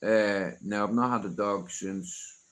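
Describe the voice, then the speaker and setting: A man's voice: lowish voice, fairly even intonation, unhurried. Rambling, swearing man on a livestream. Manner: swears a lot, keeps asking "you know what I mean". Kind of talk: casual livestream rant.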